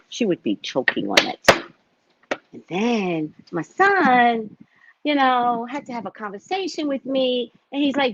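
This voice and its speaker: A psychic reader in her fifties speaks in a voice on the high side at a measured pace. On a casual livestream, she tells stories dramatically and animatedly, addressing viewers as if they were family. The sound is lo-fi with slight background noise.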